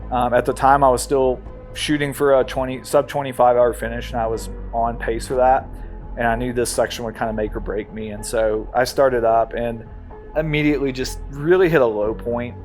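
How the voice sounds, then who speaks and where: A man, an ultramarathon runner, telling his race story in a documentary interview, halting and conversational with many fillers. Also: mid-range voice, steady tone, darkish tone, faint music behind.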